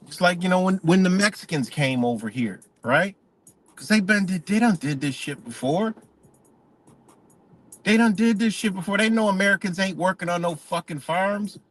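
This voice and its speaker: A man's voice: fairly high pitch, fairly bright tone. A man hosting a livestream, ranting in a profane, rambling way and repeating himself. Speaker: channel host. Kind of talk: livestream rant.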